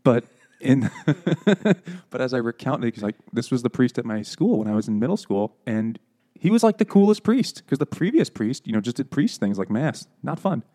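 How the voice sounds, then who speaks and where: A man's voice: mid-range voice, expressive, moderate pace, mellow. A man co-hosting a podcast, rambling through a funny story and laughing as he acts out what people said. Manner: rambling anecdote, laughing, acting out quotes. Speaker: podcast co-host. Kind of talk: casual chat, storytelling.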